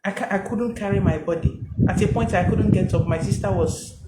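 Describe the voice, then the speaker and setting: A woman giving a personal testimony in a halting, emotional way. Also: medium pitch, echoey room, very noisy.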